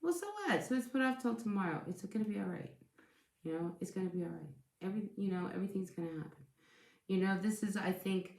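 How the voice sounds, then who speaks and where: A woman's voice: on the low side, a little mellow, reverberant. A woman giving a casual tarot reading, speaking in a chatty, reassuring way and often repeating herself as she restarts sentences. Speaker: tarot reader.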